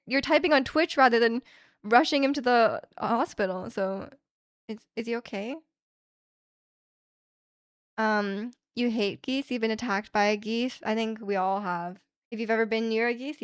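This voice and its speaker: A woman's voice: on the high side, dry recording, studio quality. A young woman livestreaming from home, chatting in a rambling way and reading out viewer comments with light laughs.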